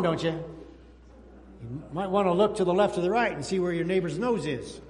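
High-voiced pastor preaching in a reverberant hall. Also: male voice, normal speed. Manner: animated storytelling, talks to the kids in the room. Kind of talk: sermon. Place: church sanctuary. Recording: long hall reverb in a church.

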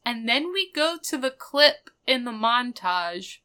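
A woman's voice: on the high side, very animated, slow pace, hardly any pauses, sharp tone, clear, resonant tone. A woman co-hosting a casual podcast, recapping a sitcom episode and acting out the characters' lines as she goes. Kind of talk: casual chat.

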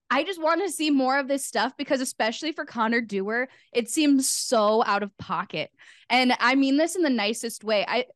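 A woman's voice: mid-range voice, a bit bright, dry recording, clean studio sound. A young woman co-hosting a podcast, talking casually and with enthusiasm, often laughing. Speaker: podcast co-host. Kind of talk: casual chat.

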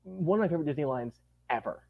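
Animated man gushing in casual chat. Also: a little high, fast, vocal fry, narrow, tinny audio, a crowd in the background. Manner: animated, gushing, acts out quotes. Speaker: podcast guest.

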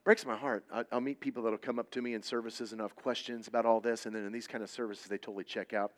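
A man preaching a sermon at youth services, telling personal stories bluntly and with jokes, his volume swinging between loud and hushed. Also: medium pitch, steady tone, fast talker, few pauses. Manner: blunt, joking storytelling.

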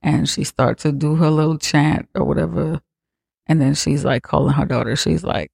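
A man's voice: on the high side, normal speed, vocal fry, a little mellow, slightly rough, no room sound, studio quality. A man hosting a comedy podcast, retelling a horror film in a slangy, profane, laughing way. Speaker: podcast host. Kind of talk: comedic movie recap.

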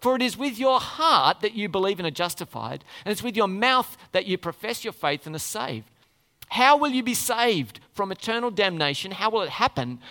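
A man preaching a sermon, animated, often putting questions to the congregation. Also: high voice. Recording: church hall reverb.

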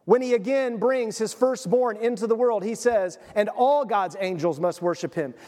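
A man preaching a sermon with animated storytelling, acting out the voices of the people in his stories. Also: high-pitched, moderate pace. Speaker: pastor. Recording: long hall reverb.

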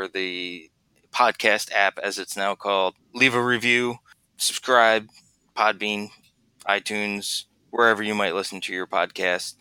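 A man hosting a casual wargaming podcast, chatty and relaxed, swearing now and then. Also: fairly low pitch, clean tone, dry recording. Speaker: podcast host. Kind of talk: casual chat.

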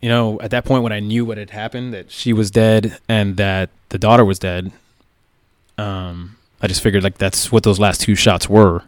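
A man's voice: on the low side, level tone, moderate pace, dry recording, clean studio sound. A police tactical officer, a man, recounting events in a plain-spoken, casual way with lots of "like" and "right?". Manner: plain-spoken, many fillers like "like" and "right?", occasional swearing.

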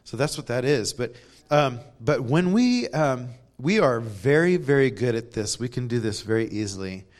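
A man's voice: mid-range voice, animated, normal speed, few pauses. A man giving a conversational sermon in a church, telling stories with self-deprecating humor and laughs. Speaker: preacher.

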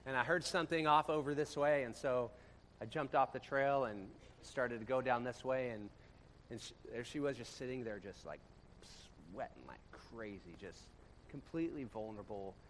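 A male pastor giving a casual storytelling sermon to a congregation, talking conversationally and swinging from loud bursts to quiet, low passages. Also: slight background noise. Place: church room with a congregation.

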